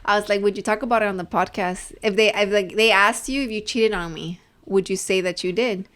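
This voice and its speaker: Brief: woman, podcast co-host, chatty storyteller, mid-pitched casual delivery. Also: fairly quick, a bit bright. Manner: talkative, storytelling with lots of "like" and "right?". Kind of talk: casual chat.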